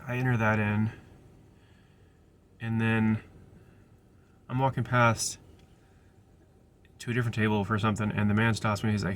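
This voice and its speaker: A man's voice: on the low side, little pitch movement, moderate pace, long pauses, slight background noise. A young man, a restaurant server, casually telling a rambling story full of restarts and digressions.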